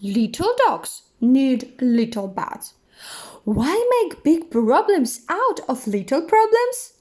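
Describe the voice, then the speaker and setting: Woman reading a kids' book aloud; high, very slow, lively sing-song. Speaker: storyteller. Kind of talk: children's story read-aloud.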